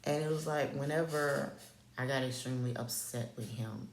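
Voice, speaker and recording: A woman's voice: rumbling low, normal speed, reverberant, a little hiss or hum. A woman telling a personal story to the camera in a candid vlog, blunt and profane, with slangy asides to the viewer. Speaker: vlogger.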